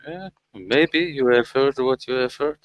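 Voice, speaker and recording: Man with a mid voice, mocking and halting, faint noise behind him. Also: mid-range voice, muffled recording. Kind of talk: heated casual argument.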